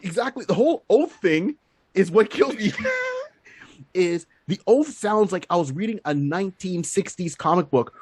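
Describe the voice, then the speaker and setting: A man with a husky voice that sits a little high jokes around on a comedy podcast. His pitch swings widely as he acts out quotes and laughs often. The sound is dry and close, with no room echo. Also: animated, normal speed, a little mellow. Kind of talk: casual comedic banter.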